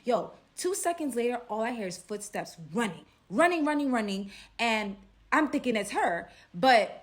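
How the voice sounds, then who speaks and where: Animated young Brooklyn woman. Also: on the high side, moderate pace. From Brooklyn, New York. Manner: animated, drops to hushed tones for suspense. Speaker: storyteller. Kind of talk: casual storytime.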